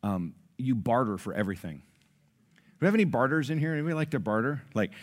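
A man delivers a sermon as pastor of his church. He tells stories in a low, relaxed voice and then rises into loud, high, emphatic peaks. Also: brisk. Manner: dynamic preaching, swings from soft storytelling to loud emphatic peaks.

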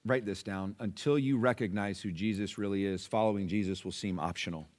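A man preaching a sermon, conversational and dynamic, swinging between loud emphatic lines and hushed asides while acting out listeners' replies. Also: lowish voice, fairly quick. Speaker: pastor.

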